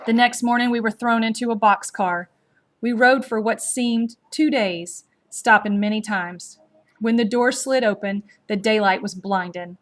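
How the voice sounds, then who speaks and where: Woman slowly reading a storybook aloud. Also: on the high side. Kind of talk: storybook read-aloud narration.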